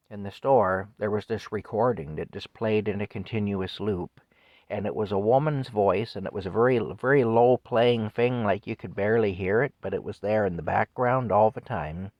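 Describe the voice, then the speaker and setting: Low-voiced man in his fifties ranting. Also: normal speed, no echo, dull audio. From Canada. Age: 50s. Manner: indignant, scornful ranting with wry chuckles. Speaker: vlogger. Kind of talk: solo opinion rant to camera.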